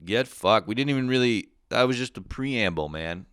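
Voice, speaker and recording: A man's voice: mid-range voice, expressive, normal speed, fairly bright tone, clean tone, no echo. A man in his thirties, a drunk podcast host, ranting in a profane, sarcastic casual way. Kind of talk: casual comedic rant.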